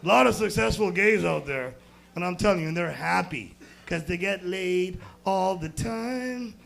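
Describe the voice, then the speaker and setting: Young American stand-up comic, crude and rambling, loud bursts then mutters; high, gravelly voice. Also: male voice, expressive, normal speed. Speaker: stand-up comedian. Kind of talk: stand-up set at an open mic.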